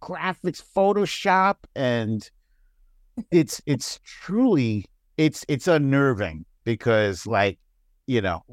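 Guy on a podcast, talks all over the place pitch-wise, laughs a lot, dry mic. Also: slow pace, dry recording. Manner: animated, laughs often, jumps into high mocking voices. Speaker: podcast guest. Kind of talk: casual chat.

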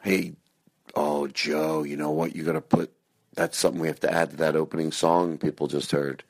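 A man's voice: rumbling low, little pitch movement, moderate pace. Man rambling playfully into his phone. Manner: playful, silly, rambling asides. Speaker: podcast host. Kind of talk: casual comic intro. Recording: phone-recorded, dry.

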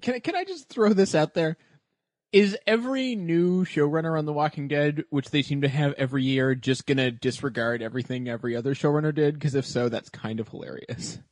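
A woman's voice: deep voice, a little fast, a little mellow, no room sound. A woman co-hosting a podcast, tossing in wry, blunt asides. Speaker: podcast co-host. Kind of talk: casual podcast chat.

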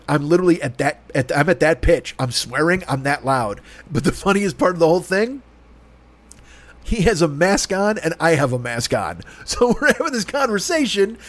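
Man, high voice, profane angry storytelling, dry close sound. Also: no room sound. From Chicago. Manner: profane, exasperated, acts out both sides of the argument. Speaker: podcast host. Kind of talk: ranting storytelling.

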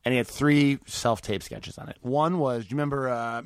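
A comedian guest on a podcast, telling stories in lively casual chat and swearing freely. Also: male voice, mid-range voice, brisk, clear, resonant tone, dry recording, clean studio sound. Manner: animated storytelling, swears freely.

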